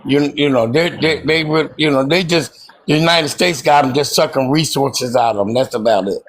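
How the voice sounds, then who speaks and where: A man speaking as a panelist in a heated live debate, halting and rambling through his point. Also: mid-range voice, a little hiss or hum.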